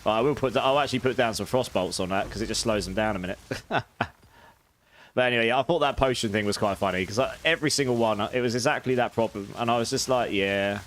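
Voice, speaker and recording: A man's voice: medium pitch, fast talker, fairly bright tone, a little hiss or hum. A man with a British accent, giving chatty, casual gameplay commentary and laughing often while talking to his chat. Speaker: game streamer.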